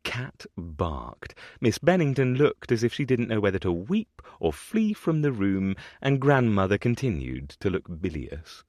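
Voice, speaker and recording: A man narrating a historical romance audiobook with an expressive, varied delivery on a close mic. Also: on the low side, unhurried, few pauses, no echo.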